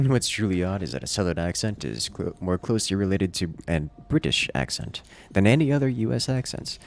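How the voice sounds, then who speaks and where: Very deep gravelly-voiced man streaming a game. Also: very animated, brisk. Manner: musing aloud while playing, reading chat. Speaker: livestream host. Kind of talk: casual gaming livestream chat.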